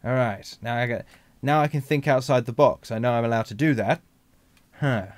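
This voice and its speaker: A man's voice: medium pitch, moderate pace, no room sound. A man chatting casually over gameplay as the channel's host, joking and bursting into theatrical outbursts.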